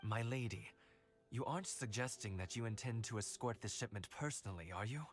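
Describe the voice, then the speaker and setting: An actor voicing a worried official in a game, hesitant and polite. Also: male voice, on the low side, fairly quick, faint music behind, natural voice. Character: anxious male shipment official. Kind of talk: game cutscene dialogue.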